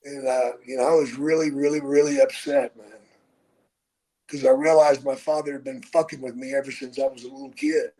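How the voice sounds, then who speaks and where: A man in his sixties telling stories from his own life on a podcast, unhurried and swearing freely. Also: mid-range voice, steady tone, mellow, rough recording. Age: 60s. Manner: profane, unhurried storyteller. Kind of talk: casual storytelling.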